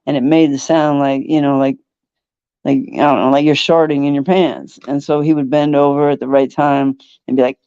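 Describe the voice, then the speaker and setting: A laid-back podcast host with a clear, resonant mid-range voice tells stories in casual chat, laughing often. He's an animated storyteller who slips into the voices of the people he quotes. The audio is dull, lo-fi and dry, with no room echo.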